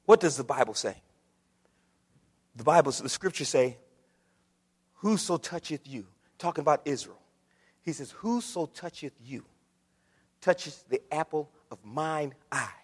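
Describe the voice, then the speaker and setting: Preacher with high, lively voice. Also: male voice, gravelly, husky, in a large hall. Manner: swings from low, steady reading to loud, shouted preaching. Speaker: pastor. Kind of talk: sermon.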